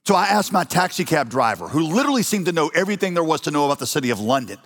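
A man's voice: on the high side, sing-song, rapid-fire, fairly bright tone, long reverb tail. A man with an American accent preaching a sermon to his congregation in a conversational, humorous way, asking the listeners questions. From United States. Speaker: pastor. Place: church hall.

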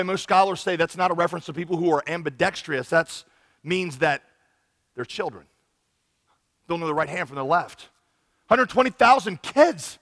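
In a large hall, a male pastor with a high voice preaches an animated sermon, acting out quoted lines and swinging widely in volume.

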